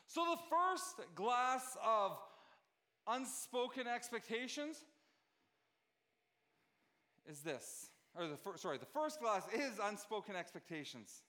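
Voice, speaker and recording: High-voiced man preaching a casual sermon. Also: bright, forceful tone. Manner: conversational, checks in with listeners. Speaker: pastor.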